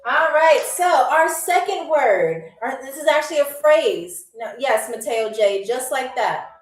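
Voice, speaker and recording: Hosting a trivia live stream, this high-voiced young woman speaks expressively at a measured pace, reads out viewer comments and urges the chat on with frequent "okay?" and "all right?". Her sound is roomy from a distant mic, with soft music beneath.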